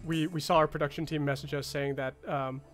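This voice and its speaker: A man's voice: on the high side, little pitch movement, fairly quick, soft background music. A man casting an esports tournament, enthusiastic and rambling, often cutting in to add a point. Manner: enthusiastic, rambling, self-interrupting. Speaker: esports caster.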